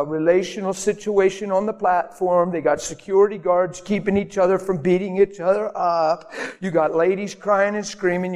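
Earnest preacher with a ringing hall. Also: male voice, darkish tone. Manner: conversational, earnest, bursts into high mock voices. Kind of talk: sermon. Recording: long reverb of a church hall.

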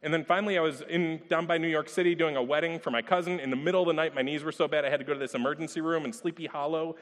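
A man with a fairly high voice preaches a sermon in a casual, storytelling way and keeps asking rhetorical questions. His voice rings out through a large hall with a long echo trailing behind each phrase. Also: steady tone, racing, fairly bright tone. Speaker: pastor.

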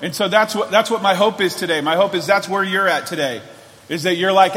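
A man's voice: high-pitched, fairly quick, a bit bright, long reverb tail. A man preaching a sermon to a church congregation, in an earnest, conversational way with frequent restarts. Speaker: pastor. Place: church hall.

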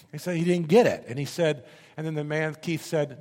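A man preaching a sermon, telling a story with animated, emphatic repetition. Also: a little high, normal speed, big-room sound. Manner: animated, emphatic, repeats words.

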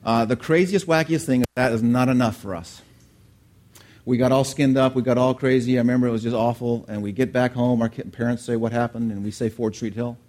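A middle-aged man preaching a sermon, telling a lively childhood story and asking the congregation questions along the way. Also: medium pitch, brisk. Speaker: pastor.

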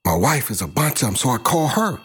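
A man's voice: medium pitch, very animated, brisk, breathy edge. A middle-aged man from South Los Angeles telling his own life story in a blunt, profane, casual way.

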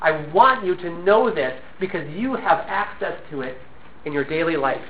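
A man's voice: fairly high pitch, sing-song, moderate pace, slight background noise. A man preaching a sermon, earnest and emphatic, with self-deprecating humorous asides, still recovering from a cough. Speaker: pastor. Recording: tinny phone-like sound.

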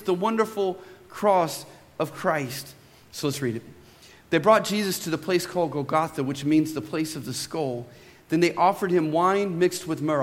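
A high-pitched man in his thirties preaches to his congregation. His voice rings with a long reverb through a church sanctuary. He reads scripture with dramatic, drawn-out emphasis and swells, and he tells stories in a loose, chatty way with asides to the listeners. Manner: relaxed storytelling with asides to the congregation. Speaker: pastor. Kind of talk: sermon.

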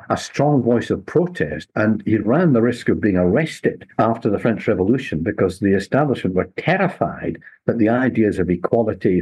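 An older man, a local historian telling history in a measured, unhurried way during an interview. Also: fairly low pitch, darkish tone, slightly rough, rough recording. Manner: measured, unhurried storytelling with small restarts. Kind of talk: relaxed storytelling interview.

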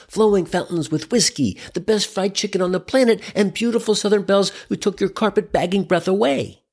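Wry older man telling a lively story. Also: high-pitched. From US Midwest. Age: 60s. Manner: wry, irreverent, conversational. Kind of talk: comedic storytelling monologue.

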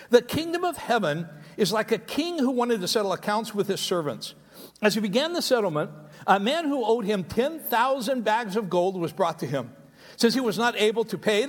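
A man preaching a sermon, reading scripture and breaking off into animated, conversational asides to the congregation. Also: high voice. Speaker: pastor. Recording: long hall reverb.

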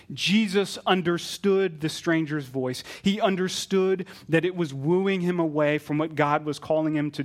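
Middle-aged male pastor, slightly higher voice, earnest sermon delivery that swells into passion. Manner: earnest, building to fervent emphasis.

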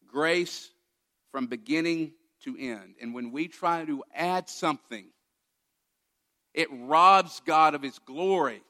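A man's voice: on the high side, slow, pushed and bright. A man preaching a sermon as pastor, emphatic and direct, guiding listeners through a passage and posing rhetorical questions.

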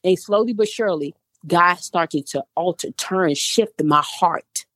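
A woman's voice: on the low side, measured pace, fairly bright tone, no room sound, clean studio sound. A woman in her thirties, a life coach guest, speaking earnestly in a preacherly way and repeating phrases for emphasis. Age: 30s. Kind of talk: casual interview talk.

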